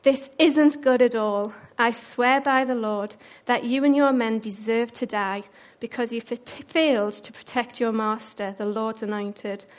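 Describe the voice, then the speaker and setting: A woman's voice: a little high, fairly even intonation, unhurried, few pauses, lightly acted. A woman voicing a bold young male hero who taunts a commander in a raised voice, in a retold Bible story. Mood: taunting.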